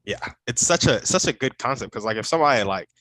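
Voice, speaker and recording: A man's voice: medium pitch, animated, fast, pushed and bright, no room sound, low-quality recording. A man hosting a podcast interview, upbeat and affirming, asking long, open questions over a video call. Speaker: podcast host. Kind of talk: casual interview chat.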